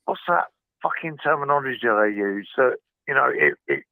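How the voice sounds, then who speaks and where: A man's voice: mid-range voice, very animated, moderate pace, dry recording. A man calling in to a stream, chatting casually and swearing as he searches for words. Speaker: caller. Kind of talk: casual phone-in chat. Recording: tinny phone line.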